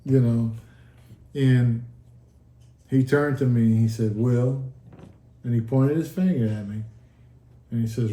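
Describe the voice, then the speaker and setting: In an echoey room, a man sits down for a casual chat as a guest and earnestly recounts how he nearly died, acting out the quoted dialogue. His mid-range voice is warm and unhurried, with long pauses.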